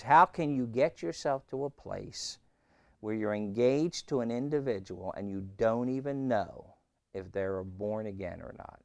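A man preaching a sermon as pastor, swinging between loud emphasis and quiet asides. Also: fairly low pitch, dry recording.

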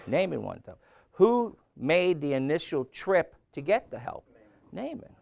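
Gravelly-voiced man preaching a sermon. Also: a little high, very animated, a little slow, a little mellow, no echo. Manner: asks the congregation questions, rising and dropping his voice.

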